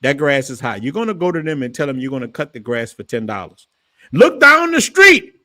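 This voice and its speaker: A man tells stories in a relaxed chat. His voice is clear and dry, with no room sound. He gets animated and jumps up in pitch when he quotes someone. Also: fast, dry recording. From New Orleans, Louisiana. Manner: animated storytelling, voice rising when quoting his father. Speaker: channel host. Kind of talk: casual storytelling chat.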